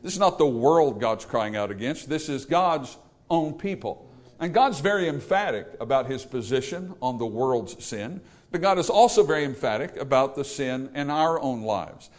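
A man's voice: medium pitch, expressive, moderate pace. A man preaching a sermon to a congregation, emphatic and full of rhetorical questions. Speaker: pastor. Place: church service.

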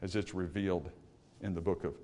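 A man preaching a sermon to a congregation, swinging from hushed, low passages to loud, emphatic ones and asking rhetorical questions. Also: fairly even intonation, fairly quick, a little hiss or hum.

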